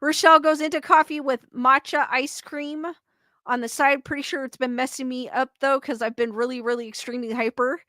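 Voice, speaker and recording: A woman's voice: high voice, fairly even intonation, fairly quick, pushed and bright, no room sound, studio quality. A young woman hosting a casual livestream, chatting and giggling as she reads out viewers' comments. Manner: chatty, giggly, quotes chat names aloud. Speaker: livestream host.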